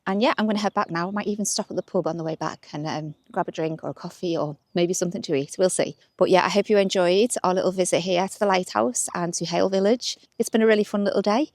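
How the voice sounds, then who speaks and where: Walking a waterside path outdoors, this upbeat young vlogger from north-west England chats casually to camera and laughs easily. She speaks fast with few pauses in a lowish, slightly mellow voice, captured as a dry recording with clean studio sound.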